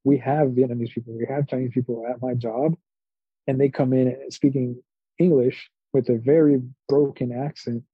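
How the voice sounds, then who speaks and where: A man's voice: mid-range voice, moderate pace, slightly rough, no room sound. A man co-hosting a podcast in casual chat, rambling through stories and acting out the people in them. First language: Spanish. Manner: rambling, animated storytelling with quoted voices and laughs. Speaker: podcast co-host. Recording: dull lo-fi podcast mic.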